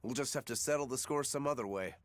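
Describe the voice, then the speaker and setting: An actor playing a relaxed, cheerful adult male swordsman in a game. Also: mid-range voice, fast, no echo, close to an everyday voice. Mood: casual. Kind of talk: game voice acting.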